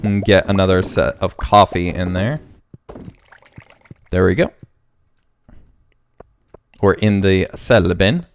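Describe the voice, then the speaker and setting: A man's voice: deep voice, slow pace, long pauses, a little hiss or hum. A man hosting a casual let's play, rambling and thinking aloud as he plays. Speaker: gaming channel host.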